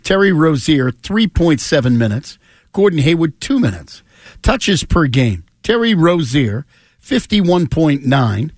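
Brief: high, lively male co-host, dry close mic, scornful and emphatic. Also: measured pace, no echo. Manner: scornful, emphatic, reads stats. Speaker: sports talk show co-host. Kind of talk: heated casual sports chat.

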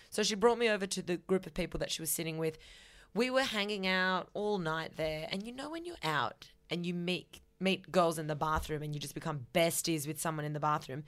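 Young aussie woman podcasting, fairly low voice, chatty and blunt, drops swear words. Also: a bit bright. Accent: Australian. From Australia. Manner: candid and chatty, swears freely. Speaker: podcast host. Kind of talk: casual advice and storytelling.

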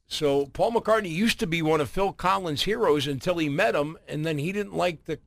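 A man hosting a morning radio show, retelling stories in a chatty, animated way. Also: fairly high pitch, moderate pace, creaky. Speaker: radio host.

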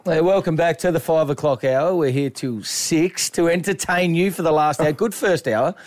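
A man's voice: a little high, normal speed, darkish tone. A man hosting a radio show, upbeat as he leads the segment. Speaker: radio host. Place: radio studio.

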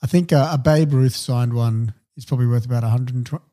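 Male co-host, laid-back, warm mellow tone, dry humour. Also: mid-range voice, fast talker. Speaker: podcast co-host. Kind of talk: casual chat.

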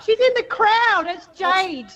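High, excitable woman caller. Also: slow pace, over a noisy crowd, heavy background noise. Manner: excitable and emotional. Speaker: radio caller. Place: home.

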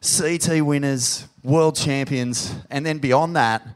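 A man with an Australian accent hosting a live podcast on stage in a pub, sweary and emotional, loud when he hypes up the crowd. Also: on the high side, steady tone, takes it slowly, clear, resonant tone. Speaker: podcast host. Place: pub venue with live audience.

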